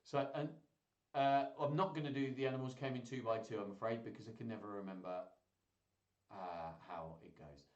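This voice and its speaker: A man's voice: mid-range voice, normal speed, darkish tone, roomy sound, dull audio. A man hosting a children's singalong livestream, chatty and playful. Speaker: children's entertainer. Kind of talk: live-streamed kids' singalong chat.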